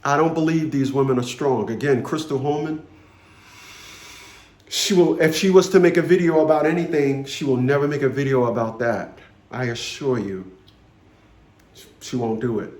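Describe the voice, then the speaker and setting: A man's voice: medium pitch, normal speed, long pauses, darkish tone, reverberant. A man in his fifties, ranting bluntly to camera and telling a story, profane and commanding, repeating phrases for emphasis. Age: 50s. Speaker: vlogger.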